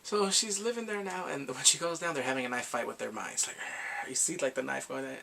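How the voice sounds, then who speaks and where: A man giving a casual, animated recap of drama episodes, laughing and acting out the characters' lines. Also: medium pitch, a little fast, gravelly, slight background noise. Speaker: drama reviewer.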